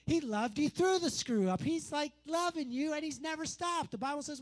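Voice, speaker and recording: A man's voice: very high-pitched, moderate pace, few pauses. A man preaching a sermon, pressing his points through repetition and conversational asides.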